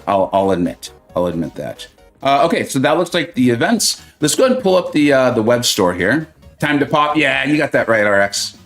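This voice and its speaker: A man's voice: mid-range voice, sing-song, brisk, soft background music. A man hosting a live mobile-game stream, chatting and joking with viewers, reading their comments aloud and laughing often.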